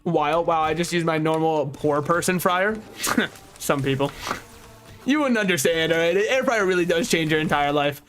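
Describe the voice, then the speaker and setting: A man's voice: a little high, normal speed. Sardonic young man streaming a game. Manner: sardonic, dark deadpan jokes. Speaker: VTuber streamer. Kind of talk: casual gameplay commentary. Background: faint game music.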